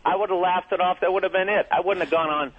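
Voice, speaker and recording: A man's voice: high-pitched, steady tone, quick pace. A man comedian ranting profanely and defensively in a heated on-air argument, heard over a tinny phone line. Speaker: comedian guest.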